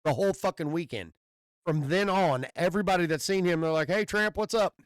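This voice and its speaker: A man tells a long story in a casual chat, swearing freely and stammering through restarts. His voice sits a little high, and the sound is dry and close with no room around it. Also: a little fast, dry recording. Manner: rambling storyteller with loose profanity and stammered restarts. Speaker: podcast host.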